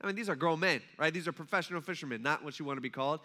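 A man's voice: fairly high pitch, very fast, sharp tone. A male pastor preaching a sermon in a casual, conversational storytelling manner.

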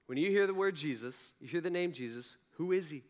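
Young male pastor, conversational preacher, slightly high voice, lots of rhetorical questions. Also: lively intonation, brisk. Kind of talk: sermon.

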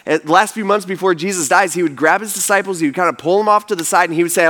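Animated, chatty male pastor. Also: high-pitched, racing, few pauses. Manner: conversational, animated, full of fillers like "like" and "you know". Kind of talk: casual storytelling sermon.

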